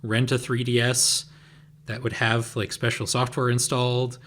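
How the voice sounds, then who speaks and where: A man with a mid-range voice co-hosts a podcast in casual chat. He often restarts his sentences and fills pauses with "like". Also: medium pitch, monotone, fairly bright tone, slight background noise. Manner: hesitant, repeats words, fills with "like". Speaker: podcast co-host.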